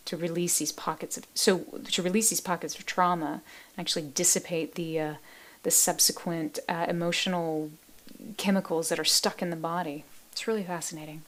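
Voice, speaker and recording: A woman hosting a live meditation stream, chatting casually with viewers in a soft, gentle voice that often drops to a near-whisper, affectionate and quick to laugh. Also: on the low side, fairly even intonation. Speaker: meditation livestream host. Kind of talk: casual livestream chat reading viewer comments.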